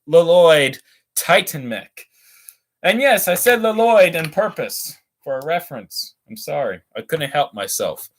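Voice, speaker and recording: A man's voice: high-pitched, fairly bright tone. A young man hosting a casual livestream while building toy models, rambling and ranting between reading out chat messages.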